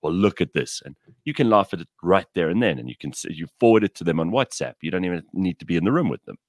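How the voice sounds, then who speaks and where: A man's voice: deep voice, rapid-fire, no echo, studio quality. A man telling blunt, irreverent stories in a casual chat. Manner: animated storyteller, blunt and irreverent. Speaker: podcast co-host.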